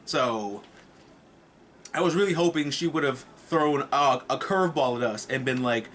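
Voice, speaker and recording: A man's voice: medium pitch, moderate pace, fairly bright tone, slight background noise. A man casually reviewing a TV episode in a vlog, rambling, swearing and tossing in jokes. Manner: rambling and profane, with joking asides.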